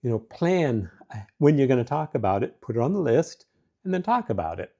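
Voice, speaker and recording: A middle-aged man hosting a show, giving marriage advice in a relaxed, conversational way with frequent fillers. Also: mid-range voice, brisk, creaky, muffled recording. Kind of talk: casual advice talk.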